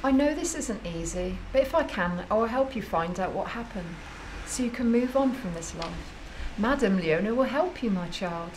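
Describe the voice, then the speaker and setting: A woman's voice: mid-range voice, lively intonation, moderate pace, noisy background, lightly acted. An actress playing an older woman psychic who speaks soothingly and calls others child.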